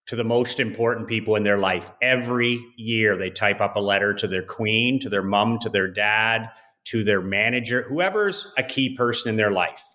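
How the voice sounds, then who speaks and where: Blunt, emphatic man with a bright voice. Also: on the low side. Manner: blunt, emphatic, swears freely. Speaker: guest. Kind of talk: motivational storytelling.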